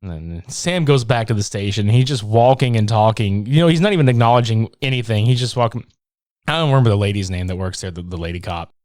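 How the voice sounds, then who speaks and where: A man's voice: fairly low pitch, quick pace, darkish tone, dry recording, clean studio sound. A man co-hosting a podcast in casual chat, recapping a movie with lots of swearing and laughter and acting out quoted lines. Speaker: podcast co-host.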